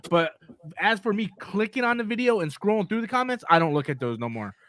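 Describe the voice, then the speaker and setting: A man's voice: high-pitched, animated, fast, a bit bright, dry recording, clean studio sound. A man hosting a live movie talk stream, ranting casually, exasperated, repeating himself and swearing freely.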